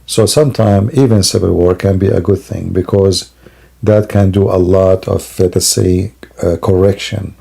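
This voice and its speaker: Man, low pitch, gravelly, sleepy, rambling live-stream talk, broken grammar. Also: steady tone, normal speed, mellow. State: sleepy and yawning. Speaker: Christian apologist streamer. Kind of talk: casual live-stream monologue. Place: home, at a computer at night.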